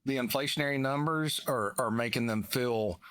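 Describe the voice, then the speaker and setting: A man with a Southern US accent talks through market psychology in a thoughtful, folksy way, now and then dropping an old saying. His voice sits at an ordinary middle pitch. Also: normal speed, fairly bright tone, clear, resonant tone. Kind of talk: conversational market discussion.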